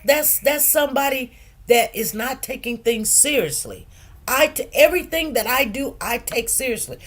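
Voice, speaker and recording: A middle-aged woman hosting a casual livestream chat. She tells stories with animated, preacherly emphasis and gets quiet and soft when things turn serious. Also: fairly high pitch. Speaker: livestream host.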